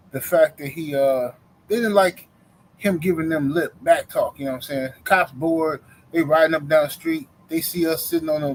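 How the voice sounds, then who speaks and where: A man's voice: on the high side, a little hiss or hum, rough recording. A middle-aged man in casual chat, animatedly telling a personal story in slang-heavy everyday speech and acting out the other people's voices. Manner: animated storyteller, acts out the voices in his stories. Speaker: co-host.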